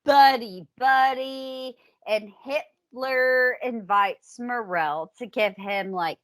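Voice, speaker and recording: A woman co-hosts a comedy history podcast and tells the story playfully, laughing as she goes. Her voice sits a bit high and she talks slowly. The sound is dry and close, with no room around it. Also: dry recording, poor audio. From United States. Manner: animated storytelling with giggles and silly voices. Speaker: podcast co-host.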